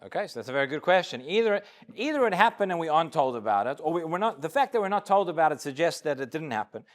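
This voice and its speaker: A man's voice: on the high side, sing-song, fast. A rabbi teaching a Talmud class, explaining the story step by step and acting out the dialogue, often repeating little words as he starts a sentence. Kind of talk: Talmud lecture to a live class.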